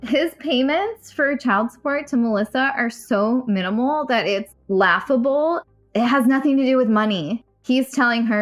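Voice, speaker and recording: A woman's voice: a little high, normal speed, faint music behind. A woman telling her own story as a guest: earnest, emotional, and swearing now and then. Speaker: guest recounting a personal story. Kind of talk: candid storytelling.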